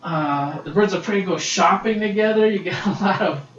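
A man's voice: high-pitched, moderate pace, fairly bright tone, slight background noise. A man hosting a casual solo podcast, gushing and swearing freely as he reviews comics, recorded on a laptop's built-in mic. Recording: roomy, distant, dull laptop-mic recording.

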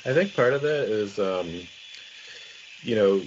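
A man in casual podcast chat who explains things in a measured way, thinking aloud with ums. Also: lowish voice, expressive. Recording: muffled with clear background noise.

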